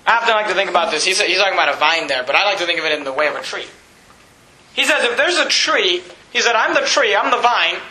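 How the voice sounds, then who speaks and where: A man preaching a sermon as pastor, with animated, emphatic repetition. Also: high voice, fast, reverberant, low-quality recording.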